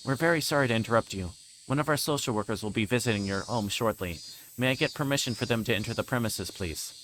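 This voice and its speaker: A man's voice: medium pitch, fast, fairly bright tone, slight background noise, lightly acted, low-quality recording. A man doing a polite, insistent caseworker. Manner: formal, insistent. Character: polite adult child-welfare caseworker.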